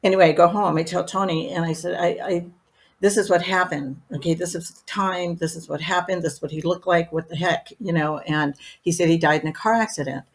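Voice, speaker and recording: A woman's voice: lowish voice, fairly even intonation, fairly quick. A middle-aged woman, a medium and podcast guest, telling her stories in a rambling, chatty way and leaning on "you know" again and again. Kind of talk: casual storytelling in an interview.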